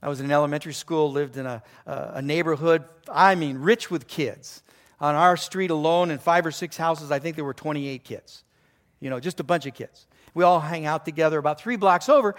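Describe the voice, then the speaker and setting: A man preaching a sermon, telling a story with lively delivery, sometimes dropping to a hushed voice for emphasis. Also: on the high side, fairly quick. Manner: animated storytelling, acts out voices and sounds. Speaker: pastor.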